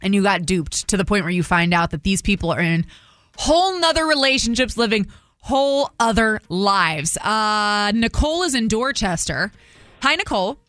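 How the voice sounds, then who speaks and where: A woman's voice: mid-range voice, moderate pace, no echo. Outspoken woman morning radio host. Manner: animated, outspoken reactions.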